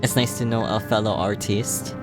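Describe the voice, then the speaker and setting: Chatting with viewers on a laid-back gaming stream, this host sounds tired yet playful and laughs often while game music plays. He has a lowish voice with fairly even intonation and a moderate pace.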